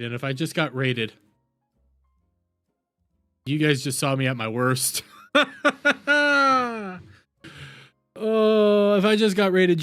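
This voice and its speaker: A man from the United States rants angrily on his live stream, his voice sitting fairly high. He swears constantly, raises his voice to a shout, and hammers the same phrases again and again. Quiet music plays faintly behind him. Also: clear, resonant tone. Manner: furious, profane, shouting and repeating himself. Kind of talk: angry live-stream rant.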